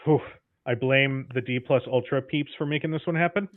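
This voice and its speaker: A man joining a livestream chat as a guest, easygoing and quick to laugh, swearing casually. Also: medium pitch, dry recording. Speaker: guest streamer. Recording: dry, phone-like call audio.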